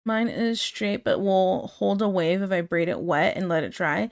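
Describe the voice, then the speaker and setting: A woman's voice: medium pitch, normal speed, vocal fry. A woman streaming casually, chatting and laughing as she reads out her chat.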